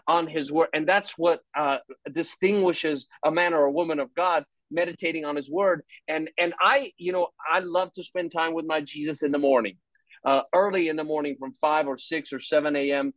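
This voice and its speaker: A man speaking as an interview guest about his faith, talking in an animated, rambling way with many restarts. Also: fairly high pitch, moderate pace, no room sound. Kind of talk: faith testimony in conversation.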